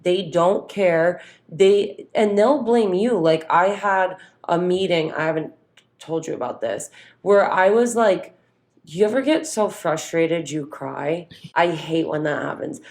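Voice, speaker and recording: Woman, podcast co-host, lowish voice, casual storytelling, quotes others. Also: measured pace, a little mellow. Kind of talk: casual chat.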